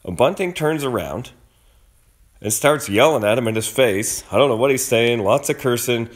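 A man's voice: mid-range voice, lively intonation, normal speed. A man giving an argumentative commentary on hockey video clips, acting out what players and officials say. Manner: emphatic, argumentative, acts out quotes.

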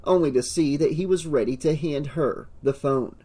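A man narrating an audiobook in a steady, measured reading. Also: fairly high pitch, slightly rough.

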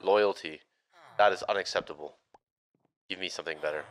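A man's voice: deep voice, fairly quick. A gaming YouTuber commenting live on his own play, frantic, talking to himself and repeating words over and over.

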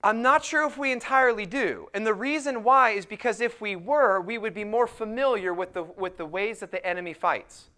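Smooth-voiced man preaching a sermon. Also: high-pitched, pushed and bright. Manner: preaching with emphatic, slowed scripture quotes. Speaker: pastor.

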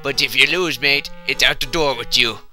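A man's voice: mid-range voice, a little fast, bright, forceful tone, faint music behind. A man voicing a boastful male ghost who collects jars, in a vague put-on accent, with a taunting manner.

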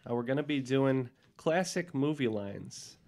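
A man's voice: medium pitch, lively intonation, measured pace, a little mellow. A man hosting a podcast trivia quiz, reading famous movie quotes with a little flourish. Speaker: quiz host.

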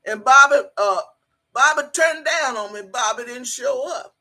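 A woman hosting a casual live stream, reading the chat out loud, swearing freely, laughing often and hollering in bursts. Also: high voice, unhurried. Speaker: livestream host.

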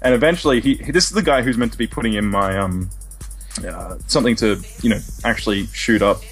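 A man's voice: on the low side, a little fast, soft background music. Guy telling a wild story. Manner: rambling animated storytelling, swears freely. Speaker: podcast co-host. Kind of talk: casual chat.

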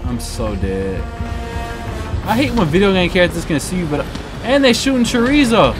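A young man giving let's-play commentary over a shooter game, excitable and slangy, talking to the game's characters and yelping loudly when he gets into fights. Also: sits high, normal speed. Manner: slangy, joking asides. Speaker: gaming streamer. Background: game music and gunfire.

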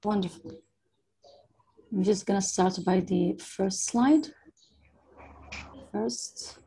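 A woman's voice: mid-range voice, slow pace, dark tone, breathy edge, low-quality recording. A young woman, giving a casual slide presentation over a video call and often checking in with her listeners.

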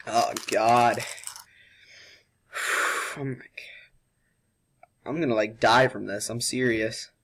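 A man's voice: medium pitch, fairly even intonation, takes it slowly, pauses often, a bit bright. A young male vlogger doing a sugar challenge, worn out and dramatic, coughing and complaining between words. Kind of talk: casual vlog.

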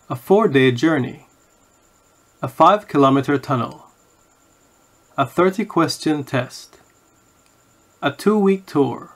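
A man reading course audio, saying each word and then an example sentence in a slow scripted vocabulary reading. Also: a little high, animated.

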